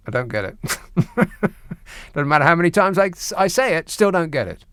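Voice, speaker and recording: A man's voice: on the high side, sing-song, normal speed, pauses often, fairly bright tone, clean tone, no room sound. A middle-aged man hosting a late-night radio phone-in, reading listener emails and going off on wry, mock-indignant rants full of hesitant restarts. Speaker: radio talk show host. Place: radio studio. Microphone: studio microphone.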